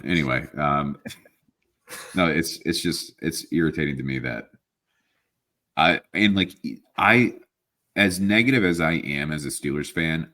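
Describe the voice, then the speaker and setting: A man with an extremely deep voice vents angrily about his team, swearing freely in a casual podcast chat. He mentions being sick, and his talk rambles with restarts and exasperated sighs. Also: fairly bright tone. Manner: ranting, profane, frustrated. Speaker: podcast co-host.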